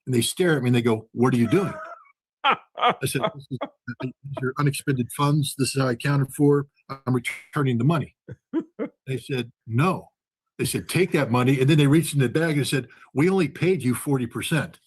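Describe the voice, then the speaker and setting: Husky-voiced man telling a long story. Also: mid-range voice, normal speed. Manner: animated storyteller acting out quoted dialogue. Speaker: guest, former weapons inspector. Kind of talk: storytelling in a conversation.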